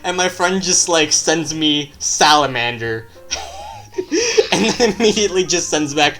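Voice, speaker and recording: A man's voice: fairly high pitch, unhurried, sharp tone, soft background music. A man co-hosting a tabletop game podcast, telling stories in loose casual chat, laughing often and swearing freely. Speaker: podcast co-host and game master.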